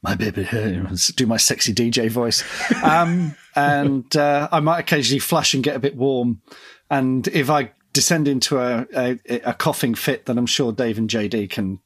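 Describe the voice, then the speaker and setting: Slightly husky man on a podcast. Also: mid-range voice, fairly even intonation, normal speed, fairly bright tone. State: mildly ill with covid, slightly husky. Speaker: podcast co-host and author. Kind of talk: casual podcast chat.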